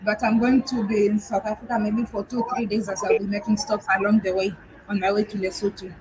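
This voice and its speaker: A woman's voice: mid-range voice, level tone, brisk, noisy background. A woman from Kenya hosting a casual live-stream chat, speaking frankly with frequent restarts and repeats. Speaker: vlogger host on a live chat.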